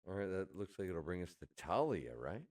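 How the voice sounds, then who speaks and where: A man running a tabletop game as game master, with a relaxed, casual manner. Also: sits low, a little fast. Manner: relaxed, casual, says "bruh". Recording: distant mic.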